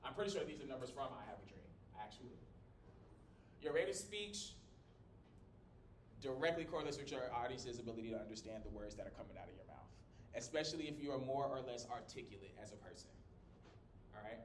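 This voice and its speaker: A man teaching a college class in a small room without a microphone. He talks in a lively, joking way and swings his volume and pitch up and down to demonstrate. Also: fast talker. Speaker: college instructor. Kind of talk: classroom lecture. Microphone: no microphone, recorded from across the room. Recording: echoey room from a distance with low rumble.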